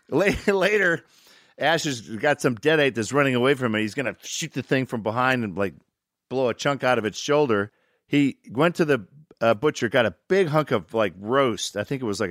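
A man's voice: medium pitch, dry recording, studio quality. An older man telling stories casually, acting out quotes and cursing freely. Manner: animated, acts out quotes, profane. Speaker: actor telling set stories. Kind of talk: casual storytelling chat.

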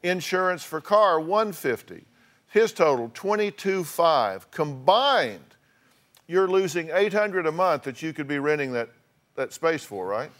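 A man's voice: a little high, sing-song, unhurried, fairly bright tone. A man hosting a talk show, bluntly lecturing his guests and repeating points for emphasis. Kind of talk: confrontational counseling.

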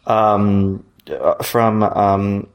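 Hesitant man, lower voice. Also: extremely slow, creaky. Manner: hesitant, many fillers. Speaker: podcast co-host. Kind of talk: casual chat.

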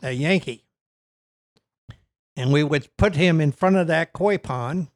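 An older man with a Virginian accent spins a long, rambling anecdote, stopping often on fillers and restarts. His voice sits a little on the high side, and the pace wanders. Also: unhurried. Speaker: guest trial lawyer. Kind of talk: storytelling on a podcast.

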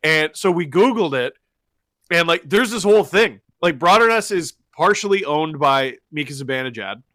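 Animated podcast host. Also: male voice, on the high side, no room sound. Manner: animated, quick storytelling. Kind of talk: casual podcast chat. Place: remote from abroad, on a delay.

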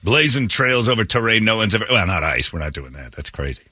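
Animated, sarcastic male radio host. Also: lowish voice, fast talker, dry recording. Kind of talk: joking morning radio banter.

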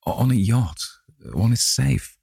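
A man voicing a nervous, haunted young gentleman who stammers anxiously in a read-aloud classic novel. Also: medium pitch, lively intonation, a little slow, gravelly, slightly rough, no echo, studio quality, pitched above the performer's own voice, full character voice. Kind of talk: audiobook character reading.

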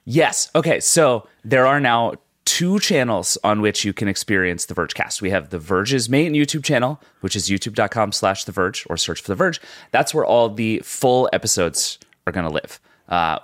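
A man co-hosting a podcast with a sore throat, husky and explaining things in a chatty way. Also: medium pitch, a bit bright, no room sound, studio quality. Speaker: podcast co-host. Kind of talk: casual chat.

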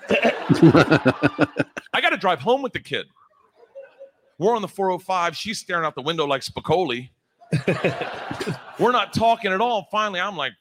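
A man's voice: high-pitched, sing-song, measured pace, pauses often, fairly bright tone. A man telling a stand-up story in a profane, exasperated manner, laughing along. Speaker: stand-up comedian.

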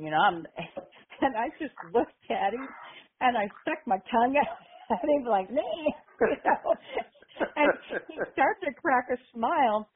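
A woman's voice: fairly high pitch, expressive, measured pace, slightly rough. An older woman from Arkansas calls in to share stories, laughing often and acting out the people she talks about. Her voice comes through a tinny phone line. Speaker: caller. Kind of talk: casual phone-in storytelling.

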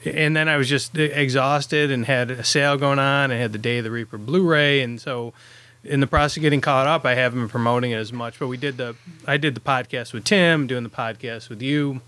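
A man's voice: mid-range voice, fairly even intonation, a little fast, sharp tone, no room sound. A man who directs independent films, talking in a casual podcast chat, rambling with lots of fillers and restarts.

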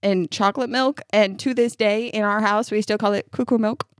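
A woman's voice: mid-range voice, steady tone, normal speed, dry recording, studio quality. A woman in her thirties from upstate New York, co-hosting a podcast in casual chat, ranting and laughing often. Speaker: podcast co-host.

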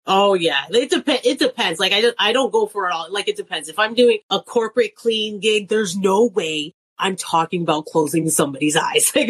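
A chatty middle-aged woman in casual interview talk, her pitch sitting mid-range for a woman. She laughs often and slips into little voices when she quotes people. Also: fairly bright tone, slightly rough. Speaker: guest comedian.

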